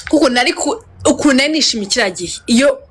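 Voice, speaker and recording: A woman telling a story in a casual interview, excitable, switching between languages and laughing often. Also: high voice, a little hiss or hum.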